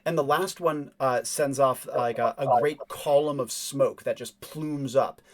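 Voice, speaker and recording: A man's voice: mid-range voice, unhurried. A man narrating as game master of a tabletop game, describing scenes casually with fillers.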